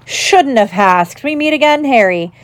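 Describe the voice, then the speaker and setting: A preening, self-satisfied teacher from a storybook reading, booming and jovial while he lectures in a patronizing way, as a woman puts him on. The voice swings high above her narration, bright with showy good cheer. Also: very animated, normal speed, no room sound. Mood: pompous. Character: vain, pompous grown man teacher, jovial and showy. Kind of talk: audiobook character voice.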